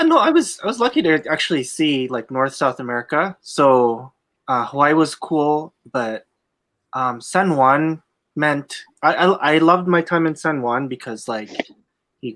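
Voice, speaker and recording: A man's voice: mid-range voice, fairly bright tone. Laid-back man rambling in casual chat. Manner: loose, laid-back, lots of fillers. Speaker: podcast host, casino dealer.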